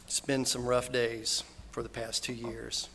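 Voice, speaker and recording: A man preaches a funeral sermon in an earnest, folksy way. His voice is gravelly with a bright, forceful edge. It rings out with the long reverb of a church hall. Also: mid-range voice, monotone, unhurried. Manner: earnest, folksy, quotes scripture and others with rising emotion. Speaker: minister giving a funeral eulogy. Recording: hall reverb, faint background noise.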